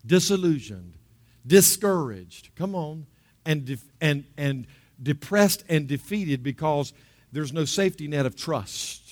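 A middle-aged man preaching, with a voice pitched a little high for a man. He tells a personal story in a chatty way, then builds into emphatic, pressing appeals. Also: expressive, unhurried, a little mellow. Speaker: pastor. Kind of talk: sermon.

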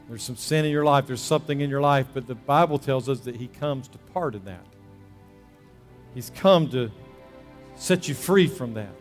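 A man preaching a sermon as a pastor, alternating between loud emphasis and soft, hushed prayerful passages. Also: medium pitch, big-room sound. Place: church sanctuary.

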